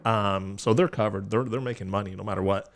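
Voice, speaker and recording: A man guesting on a podcast, chatting in an easygoing way. His voice is low and full of gravelly fry. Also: fairly even intonation, brisk, a little hiss or hum. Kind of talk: casual conversation.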